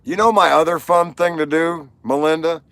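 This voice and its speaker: A man's voice: fairly high pitch, fairly even intonation, normal speed, a bit bright, dry recording. A man hosting a casual livestream, telling rambling stories and jokes to viewers and laughing at his own punchlines. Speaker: livestream host.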